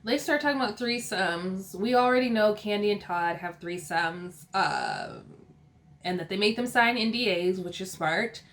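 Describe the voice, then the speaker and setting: A woman's voice: medium pitch, moderate pace, a bit bright. A young woman from California giving a chatty, opinionated recap of a TV episode, laughing often as she talks. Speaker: TV recap host.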